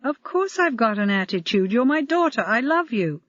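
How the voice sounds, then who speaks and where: A narrator voicing a blunt, quick-tempered middle-aged male police sergeant in an audiobook, in a dull recording. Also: extremely high pitch, big pitch swings, fairly bright tone, no echo, pitched above the performer's own voice, exaggerated voice. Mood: exasperated. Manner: blunt, snappish. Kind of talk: audiobook character reading.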